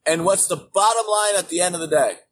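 Male host, high voice, profane political rant, distant mic. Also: fairly quick. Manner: angry, swearing constantly, emphatic, bursts into shouting. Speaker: show host. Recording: distant mic with faint background noise.

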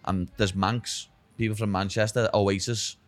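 A man's voice: lowish voice, fairly even intonation, unhurried, dry recording. A man with a Scouse accent, a guest chatting casually, blunt and sweary, often adding 'lad' and 'know what I mean'. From England. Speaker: podcast guest. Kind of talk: casual chat.

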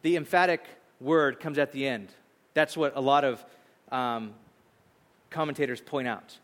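A male pastor preaching a sermon, retelling a story in an animated, conversational way. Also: medium pitch, measured pace. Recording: long hall reverb.

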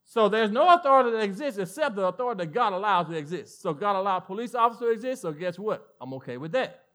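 A male pastor with a Southern American accent preaching a sermon, animated, swinging from loud emphatic lines to hushed asides. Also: high voice, fast.

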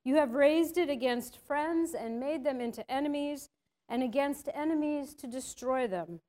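A woman reading the lines of a firm but kind male angel in a storybook, with a solemn, unhurried delivery. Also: high voice, dark tone, natural voice.

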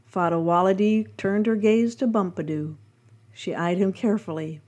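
A woman reads a devotional reflection aloud, telling a parable at a gentle, measured pace. Her voice is mellow and warm, in an even middle pitch. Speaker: devotional podcast reader.

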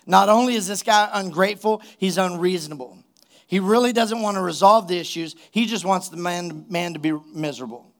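A man with a high, light voice preaches a sermon. He drives his points home with emphasis and keeps asking the congregation rhetorical questions. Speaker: pastor.

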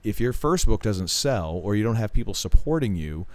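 A middle-aged man with a fairly low voice talks casually as a podcast co-host. He rambles from one story to the next, cracks jokes and laughs along the way. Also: sing-song, normal speed. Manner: rambling, jokey, laughs while telling stories. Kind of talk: casual chat.

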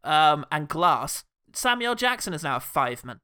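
A man co-hosts a comedic film review podcast, joking and laughing as he goes. His bright voice swings widely in pitch. The recording is dry and close. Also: moderate pace, smooth, dry recording. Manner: joking, giggly, with animated voice swings. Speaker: podcast co-host.

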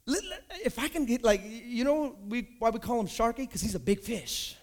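A high-voiced man preaching a sermon. He tells stories and builds up to loud, shouted preaching. Casual, conversational wording runs through his talk. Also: lively intonation, moderate pace, hardly any pauses. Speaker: pastor.

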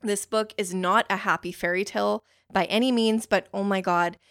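Excitable young woman with a gravelly voice. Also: medium pitch, dry recording, clean studio sound. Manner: excitable, rambling, full of "like" fillers; easily worked up, swears casually. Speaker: podcast host. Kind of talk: casual book-review chat.

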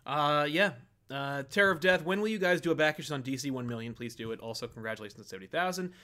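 A relaxed man from New Jersey chatting as a co-host. He talks loosely and tosses in a lot of filler words. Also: a little high, fast. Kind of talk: casual chat.

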